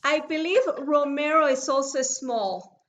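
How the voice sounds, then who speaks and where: A woman's voice: sits high, a little slow, a bit bright. A middle-aged woman with a foreign accent, patiently teaching oil mixing over a video call. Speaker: essential oil mixing instructor.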